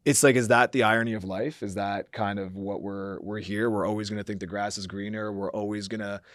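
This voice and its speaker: A man's voice: on the low side, steady tone, fairly quick, a bit bright, dry recording, studio quality. A man talking as a podcast guest, reflecting at length with many fillers and acting out his own quoted thoughts. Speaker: podcast guest, company founder. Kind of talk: reflective conversational interview.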